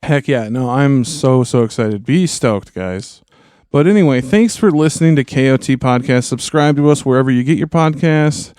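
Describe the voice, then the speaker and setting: Man, podcast host, casual outro, excitable, mellow voice, dry room. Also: mid-range voice, moderate pace, clear, resonant tone, dry recording. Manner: enthusiastic, loose and chatty.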